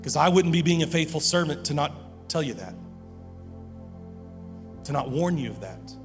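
At a normal speed, a man with a fairly high, lively voice delivers a sermon as pastor. He's earnest and keeps repeating words to push his point, while long hall reverb and background music fill the recording.

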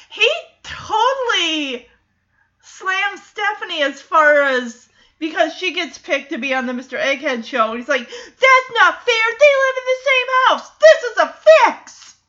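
A woman's voice: high voice, bright, forceful tone, dull audio. A woman casually recapping a TV episode, animatedly acting out the characters' lines between laughs.

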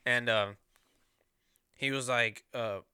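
A man's voice: mid-range voice, fairly even intonation, slow, sharp tone, clear, resonant tone, dry recording, clean studio sound. A young man casually retelling a story on a podcast, profane and rambling, acting out what people said.

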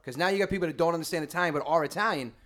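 Animated man. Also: a little high, very fast. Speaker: stand-up comedian guest. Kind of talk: casual podcast chat.

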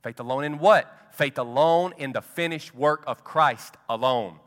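A male pastor preaching a sermon slowly and emphatically, dropping to quiet for effect. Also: medium pitch. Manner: slow, emphatic preaching with dramatic drops to quiet. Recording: long hall reverb.

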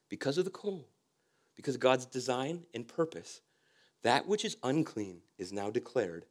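A male pastor preaching a sermon, with emphatic repeated phrases that often drop to soft, low tones.

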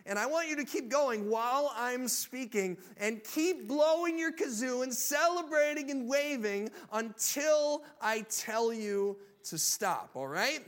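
High-voiced, unhurried male preacher. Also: slight background noise. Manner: energetic, rallies the congregation, builds to loud proclamation. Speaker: pastor. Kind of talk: sermon.

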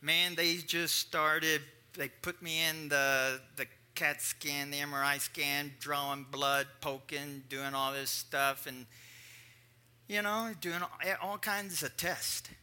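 A middle-aged man preaching from the pulpit, his voice very bright and forceful and pitched a touch high. He tells a personal story in an animated way, acting out the voices of the people in it. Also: takes it slowly, clean tone. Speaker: pastor.

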